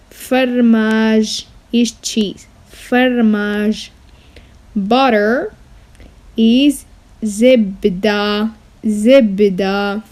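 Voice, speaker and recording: A woman teaching beginner vocabulary, saying each word slowly and repeating it, often checking in with "okay?". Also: a little high, a little mellow. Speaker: language teacher. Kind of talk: slow vocabulary lesson with repetition.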